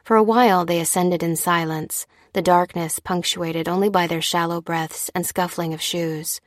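A woman reading a story aloud, steady and measured. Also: on the low side, no room sound, studio quality. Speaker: narrator. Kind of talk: scripted narration.

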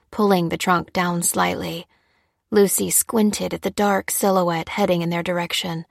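Gravelly woman narrating a story. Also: on the low side, no room sound, studio quality. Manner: steady, measured storytelling. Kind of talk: scripted narration.

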